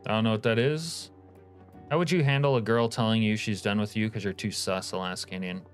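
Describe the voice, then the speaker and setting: A man's voice: fairly low pitch, steady tone, fairly quick, soft background music. A man live-streaming a game, chatting casually, reading viewer comments aloud and swearing offhand. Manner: laid-back, profane, reads chat aloud.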